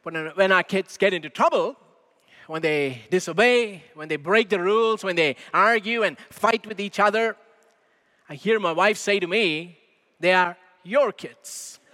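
A man preaching a sermon as pastor in a church, measured and emphatic, asking rhetorical questions. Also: high voice, bright, forceful tone, in a large hall. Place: church sanctuary.

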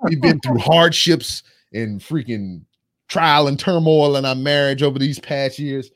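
A man's voice: medium pitch, a little slow. A man in his thirties, a podcast co-host, telling a long, profane story in casual chat.

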